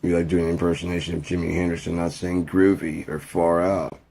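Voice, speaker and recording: A man's voice: deep voice, little pitch movement, a little fast, vocal fry, mellow. A man rambling through a casual rant, profane and jokey, drifting from point to point. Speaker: video creator.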